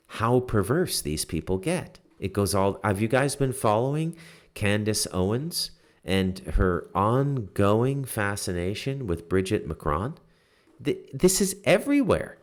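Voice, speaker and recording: A man in his forties, hosting a solo commentary and ranting with profanity and loud outbursts, punctuating his points with "okay?". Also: fairly low pitch, sing-song, takes it slowly. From Canada. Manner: repeats "okay?" to drive points home. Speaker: political commentary host.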